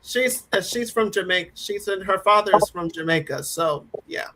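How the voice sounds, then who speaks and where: A man speaking as a guest in a casual political chat, halting, with many fillers and restarts. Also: high-pitched, a crowd in the background.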